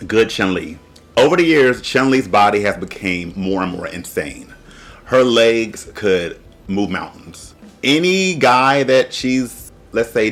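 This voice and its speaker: A man's voice: lowish voice, a bit bright. A man hosting a casual review, chatty and blunt, joking and laughing often. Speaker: host.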